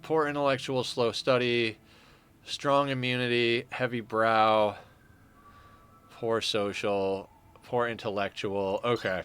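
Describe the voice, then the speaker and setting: A man's voice: medium pitch, level tone, takes it slowly, a bit bright, clean tone. A man streaming a game, giving loose, rambling, chatty commentary and swearing now and then. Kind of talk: casual let's-play commentary.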